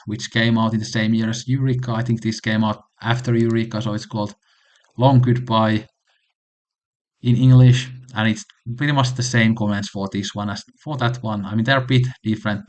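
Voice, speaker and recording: A man's voice: fairly low pitch, darkish tone. A man hosting a casual music recommendation vlog, talking enthusiastically and rambling with frequent restarts. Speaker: channel host.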